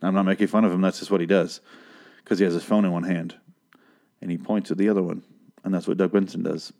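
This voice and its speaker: A man with a fairly low voice rambles through a TV episode recap, swearing freely and mocking the characters with dry sarcasm. He talks into a microphone he holds in his hand. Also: level tone, quick pace, vocal fry, dark tone. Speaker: podcast host recapping a TV episode. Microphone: handheld microphone.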